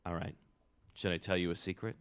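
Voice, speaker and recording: A man voicing a clever young hero who calmly outwits a goblin in a picture-book read-aloud. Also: low voice, a little fast, smooth, pitched below the performer's own voice, close to an everyday voice. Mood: sly. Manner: calm, sly and teasing.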